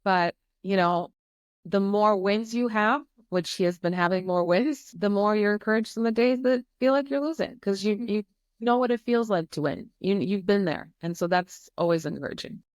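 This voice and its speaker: A woman's voice: medium pitch, normal speed, clear, resonant tone, no echo. A woman speaking as a podcast guest, talking candidly in an earnest, emphatic way. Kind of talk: candid conversational interview.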